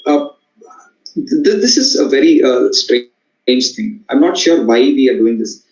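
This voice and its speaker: A man with an Indian English accent, a communication trainer lecturing students in a halting way, with many fillers and repeated words. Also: medium pitch, darkish tone. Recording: echoey, dull-sounding room recording.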